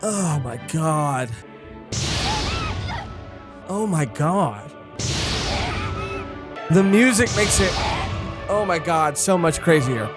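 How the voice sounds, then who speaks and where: Slow-talking young woman reacting. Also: deep voice, expressive, loud music behind the voice. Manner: slow, swearing, stunned exclamations. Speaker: reaction video host. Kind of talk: casual reaction commentary. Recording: voice over a playing show soundtrack.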